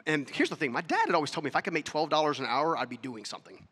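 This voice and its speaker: A man with a bright, high-pitched voice gives a motivational talk to an audience, telling a story and acting out both sides of the dialogue. He keeps turning to the crowd with questions. His voice rings out with the long reverb of a large hall. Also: big pitch swings, rapid-fire. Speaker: speaker.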